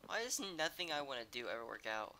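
A man's voice: mid-range voice, lively intonation, fast, noisy background. A young man playing a video game alone at home, muttering irritably and swearing to himself. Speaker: gamer. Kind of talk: solo gaming commentary. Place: room at home.

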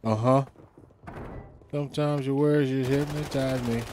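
A laid-back young man chatting through his live shooter stream, joking and swearing freely at a middling pitch. Faint game noise hums in the background. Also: normal speed, long pauses, darkish tone. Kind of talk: casual live-stream commentary.

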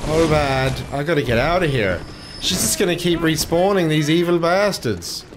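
Slightly high-voiced male game commentator, unhurried, prone to swearing and sudden yelps; noisy home recording. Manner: swings from loud outbursts to muttering; swears and curses at enemies. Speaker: gameplay commentator. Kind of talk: let's play commentary.

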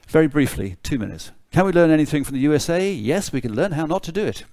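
A man's voice: on the high side, lively intonation, fast talker, mellow, no room sound, studio quality. A British man giving a conference lecture, with a wry, sardonic humour and blunt asides. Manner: blunt, mildly swearing asides.

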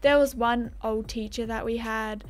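A woman's voice: fairly high pitch, fairly even intonation, normal speed. A young Australian woman chatting casually as a gaming YouTuber, rambling and self-deprecating as she answers viewer comments.

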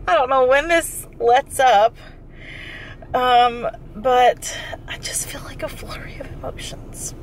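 A woman's voice: high voice, takes it slowly, in a whisper. A woman vlogging in a casual, emotional, chatty way, laughing often, filming herself on a handheld phone. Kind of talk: casual vlog. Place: car and hospital room.

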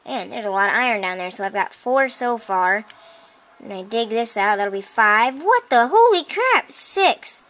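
A woman commenting on her own video game play, chatty and easily excited, often breaking into exclamations and talking straight to her viewers. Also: mid-range voice, moderate pace. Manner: chatty, addresses viewers directly. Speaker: let's play host. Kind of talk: gameplay commentary.

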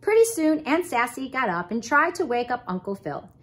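Expressive, breathy woman reading aloud. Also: high voice, normal speed. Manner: expressive storytelling. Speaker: preschool teacher. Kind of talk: reading a picture book aloud.

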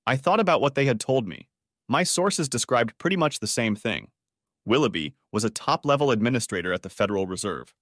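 A man reading a first-person story aloud in a dramatic, expressive way. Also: medium pitch, a little fast, dry recording, clean studio sound. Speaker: story narrator.

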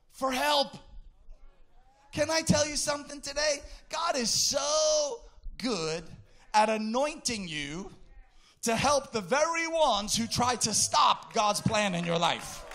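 An impassioned male preacher with a very high, bright voice. He speaks slowly and deliberately, then bursts into shouting and sing-song cadences. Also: animated. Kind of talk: sermon.

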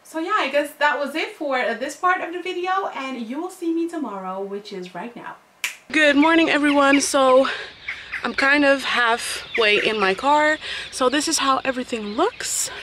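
A woman's voice: high voice, normal speed, noisy background. A woman chatting casually to camera as a beauty vlogger, informal and talkative. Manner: chatty, informal, addresses viewers as guys.

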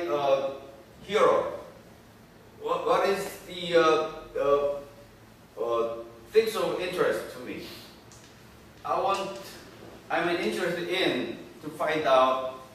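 A man's voice: on the high side, fairly bright tone, far from the mic, a little hiss or hum. Man lecturing, very echoey room. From South Korea. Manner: halting, repetitive phrasing with frequent "okay?" checks. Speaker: university professor. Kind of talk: classroom lecture.

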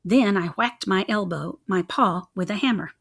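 A young adult woman reading a children's chapter book aloud in an expressive, rhythmic way. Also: mid-range voice, normal speed, creaky, breathy edge. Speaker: reader.

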